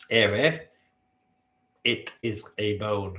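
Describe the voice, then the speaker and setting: A man's voice: mid-range voice, measured pace, fairly bright tone, echoey room. A man hosting a live-stream quiz, bantering with the chat and swearing now and then. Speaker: quizmaster.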